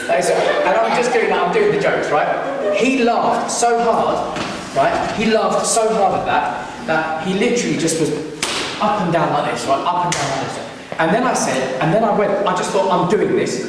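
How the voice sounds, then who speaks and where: A man with a high voice tells a stand-up story, lively and full of asides and acted-out lines. He sounds far from the mic in a big, reverberant hall with a faint hiss behind him. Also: normal speed. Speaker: stand-up comedian. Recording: roomy hall, distant mic, faint noise.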